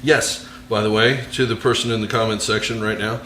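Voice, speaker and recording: A man's voice: fairly low pitch, steady tone, fairly quick, pushed and bright, roomy sound, slight background noise. An American man hosting a cooking show, talking casually through a recipe with rambling, self-mocking jokes. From United States. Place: kitchen.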